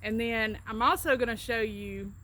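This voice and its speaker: A woman's voice: fairly high pitch, normal speed, sharp tone. A middle-aged woman from Alabama with a Southern drawl, chatting casually as a co-host and explaining how she says words with little anecdotes. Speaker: co-host, travel agent. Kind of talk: casual accent-tag chat.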